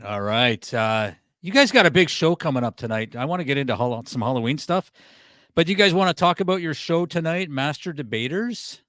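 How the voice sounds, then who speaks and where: A man's voice: fairly high pitch, animated, brisk, a bit bright, no room sound, clean studio sound. Teasing podcast host man. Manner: teasing, leads the segments. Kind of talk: casual chat.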